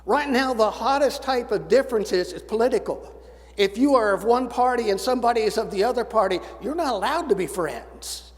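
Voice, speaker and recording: A man in his seventies preaching a sermon, folksy and storytelling with dry humor. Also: extremely high pitch. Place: church sanctuary. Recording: church sanctuary with long reverb.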